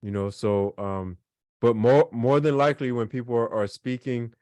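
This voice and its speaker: A man's voice: mid-range voice, steady tone, normal speed, a little mellow, dry recording. Casual male language teacher, dry sound. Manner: casual, repetitive, explains with examples and fillers. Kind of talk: online class lesson.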